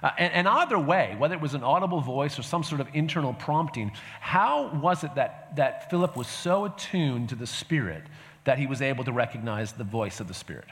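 A man's voice: mid-range voice, expressive, fairly quick, fairly bright tone. A man giving a conversational teaching talk to a church group, often checking in with the audience. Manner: conversational, fillers and restarts, asks audience "right?". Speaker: pastor. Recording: reverberant hall sound.

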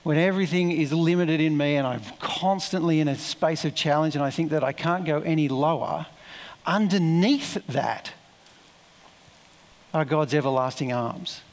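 A man's voice: a little high, fairly even intonation, fairly quick, few pauses, in a large hall. A man preaching a sermon in a conversational, reflective way, with asides and self-corrections.

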